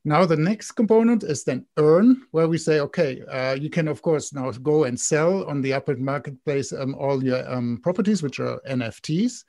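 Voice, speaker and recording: A man's voice: a little high, normal speed, few pauses, a little mellow, dry recording, studio quality. A man with a German accent, a guest in an interview, explaining at length with frequent ums and restarts. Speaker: guest, game co-founder.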